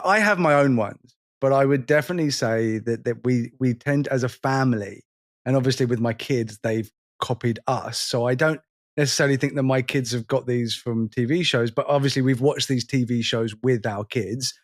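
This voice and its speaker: A man in his forties co-hosting a podcast, chatting casually and rambling with self-deprecating jokes. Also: mid-range voice. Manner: rambling, self-deprecating, quick to laugh and quote lines. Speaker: podcast co-host. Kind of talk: casual chat.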